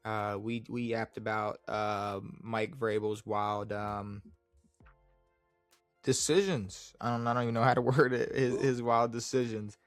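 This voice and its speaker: A man's voice: on the low side, steady tone, unhurried, no echo, faint music behind. A young man co-hosting a casual sports podcast, rambling and laid-back with lots of fillers. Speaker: podcast co-host.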